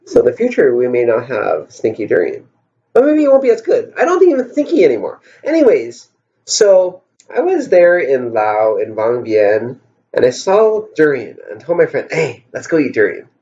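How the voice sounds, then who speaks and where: A man tells a rambling vlog story, musing wryly and firing off rhetorical questions. His voice sits in a middle pitch but swings up and down a lot. The recording is dull and lo-fi. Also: wildly swooping pitch, moderate pace, dark tone. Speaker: vlogger. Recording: dull lo-fi sound.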